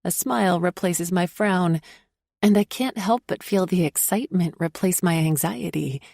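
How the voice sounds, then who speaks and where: Gravelly woman narrating a romance audiobook. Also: fairly low pitch, moderate pace, a little mellow, no echo, clean studio sound. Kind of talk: first-person romance narration.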